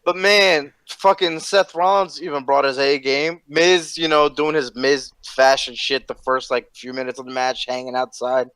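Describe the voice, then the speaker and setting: A man co-hosting a wrestling reaction show in casual, profane chat, getting excited and breaking into loud outbursts. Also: mid-range voice, normal speed, hardly any pauses, clear, resonant tone, dry recording.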